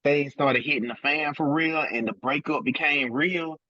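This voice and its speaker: A man's voice: on the high side, moderate pace, pushed and bright, dry recording, highs cut off. A man co-hosting a podcast, talking earnestly and informally about his own flaws and saying "man" often. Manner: earnest, informal, says "man" and "bro" a lot. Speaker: podcast co-host. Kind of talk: casual heartfelt chat.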